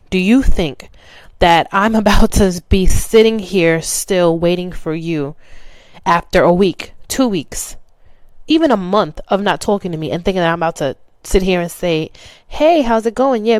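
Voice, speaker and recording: A woman's voice: fairly low pitch, clean tone, dry recording. A young adult woman talking candidly and animatedly as a podcast host, speaking straight to the listener. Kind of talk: casual monologue.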